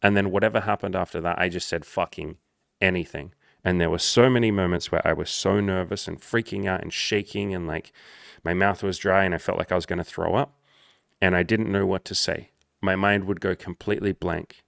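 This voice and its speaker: Low, gravelly man coaching bluntly. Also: fairly quick, no echo, clean studio sound. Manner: blunt, swears a lot, animated. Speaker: dating and social coach. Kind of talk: casual monologue.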